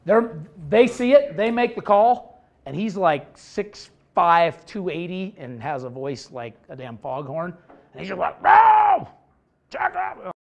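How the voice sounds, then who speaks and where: A man's voice: on the high side, unhurried. A man coaching football, talking bluntly and with humor while he explains a defensive scheme. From Idaho, USA. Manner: blunt, joking, animated storytelling. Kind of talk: coaching clinic talk.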